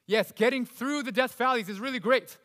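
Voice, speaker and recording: High-voiced pastor preaching in a reverberant hall. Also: male voice, brisk. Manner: swings between loud emphasis and hushed, soft delivery. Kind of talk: sermon.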